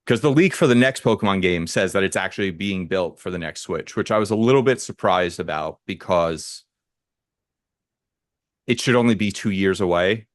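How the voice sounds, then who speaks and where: A man's voice: low-pitched, animated, normal speed, dry recording, clean studio sound. A young American man co-hosting a podcast, telling stories in a rambling, casual way full of "like"s. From United States. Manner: rambling, filler-heavy storytelling. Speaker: podcast co-host. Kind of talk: casual chat.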